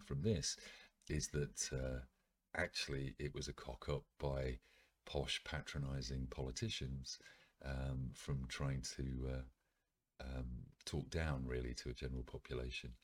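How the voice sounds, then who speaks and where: A man's voice: extremely low pitch, slightly rough. A man reading an article aloud, then breaking off for wry asides with frequent ums. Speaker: video presenter.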